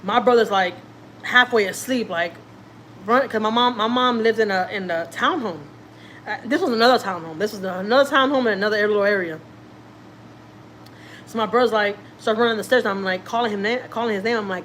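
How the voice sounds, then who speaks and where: A woman's voice: medium pitch, fairly quick, a bit bright, a little hiss or hum. Chatty woman telling a story. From Houston, Texas. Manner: chatty, repeats herself, acts out quotes. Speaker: family vlogger. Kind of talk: casual storytelling to camera.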